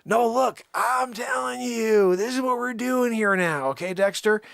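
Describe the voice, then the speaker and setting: A man's voice: very high-pitched, measured pace, creaky, fairly bright tone, no echo, clean studio sound. A young man hosting a livestream, doing a rambling, mock-indignant one-sided phone call bit. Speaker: livestream host.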